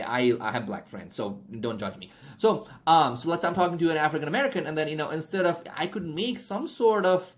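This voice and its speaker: A man's voice: on the high side, fairly bright tone. A young man giving a casual spoken sales masterclass, chatty and constantly checking in with "okay?" and "right?". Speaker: sales trainer.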